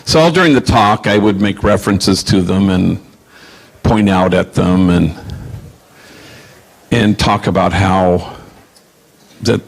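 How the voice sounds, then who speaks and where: A low-pitched man with a gravelly, creaky edge tells stories to a crowd. He talks in a halting way, stopping and restarting often with plenty of fillers, in a casual conversational tone. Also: rough recording. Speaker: guest speaker. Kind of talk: conversational storytelling on stage.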